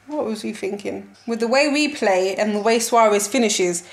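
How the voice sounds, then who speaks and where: A woman's voice: mid-range voice, moderate pace. A young woman giving a casual football match reaction, slangy and exasperated, laughing often as she talks.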